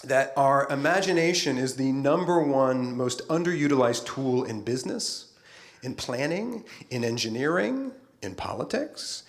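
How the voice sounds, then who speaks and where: Animated man giving a keynote. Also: on the high side. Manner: lively, playful, talks straight to the audience. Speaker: keynote speaker, futurist. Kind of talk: conference keynote speech.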